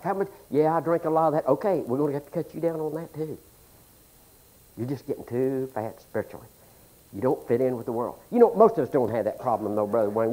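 A man preaching a humorous sermon in a folksy, joking way, swinging between loud exclamations and hushed asides. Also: medium pitch. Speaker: pastor.

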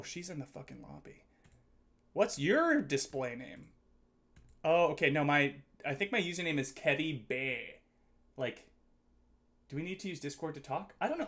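A man streaming a video game, chatting casually and excitedly with viewers, with lots of swearing and jokes. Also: sits high. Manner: excitable, swears a lot, jokey. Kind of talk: casual gaming livestream chat.

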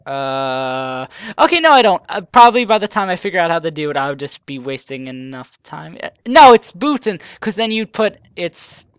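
A man's voice: fairly high pitch, sing-song, normal speed, hardly any pauses, fairly bright tone, smooth, no room sound. A man hosting a gaming channel, giving rambling, self-mocking let's play commentary with joking asides.

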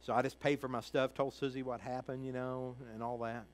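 A middle-aged male pastor from Kentucky preaching a sermon, telling a personal story in a folksy way, acting out the voices of others and moving between hushed and loud. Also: medium pitch, little pitch movement, a little fast, rough recording.

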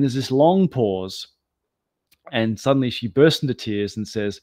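A man who is the guest on a talk show, telling an animated, self-deprecating story. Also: mid-range voice, unhurried, no room sound. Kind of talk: anecdotal storytelling.

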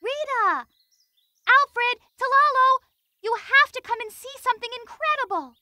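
A woman voicing Olga, an eager young animal in a children's cartoon, speaking with excitement. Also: very high voice, fast talker, full character voice. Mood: excited.

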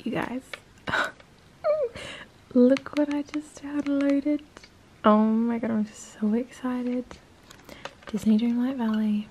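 A young woman chatting in a cosy gaming vlog, excitable, often dropping to a whisper and gasping. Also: on the high side, takes it slowly, long pauses, a little hiss or hum. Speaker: vlogger.

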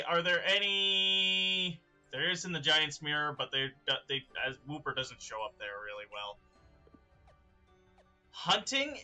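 Hyped young guy streaming, chatting w chat, high bright voice that jumps all over, faint music behind. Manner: excitable, laughs often, talks to chat. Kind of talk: live-streamed gameplay chat.

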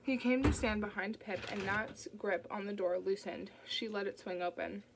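A woman reading a novel aloud as an audiobook narrator, in a steady storytelling manner. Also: medium pitch, normal speed, vocal fry, a little hiss or hum, low-quality recording.

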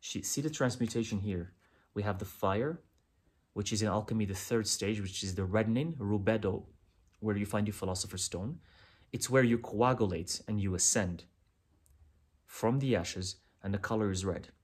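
Low husky man giving a tarot reading. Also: normal speed. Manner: earnest, repetitive, addresses the listener directly. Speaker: tarot reader. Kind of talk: pick-a-pile tarot reading.

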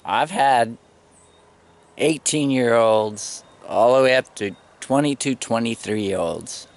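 A man in his fifties telling stories in a casual vlog, animated and swearing freely. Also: mid-range voice, slow. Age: 50s. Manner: animated, swearing, laughing storyteller.

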